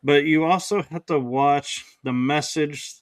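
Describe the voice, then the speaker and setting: A man with a higher voice hosts a podcast in relaxed conversation, speaking at a measured pace with no echo. He talks hesitantly, often restarting his sentences, and acts out remarks he quotes.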